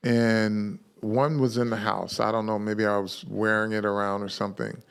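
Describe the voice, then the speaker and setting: A man who is a former pro football player, guesting on a podcast and telling a story in a relaxed, halting way. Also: lowish voice, gravelly, clean tone. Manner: relaxed storyteller with frequent restarts. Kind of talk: casual conversation.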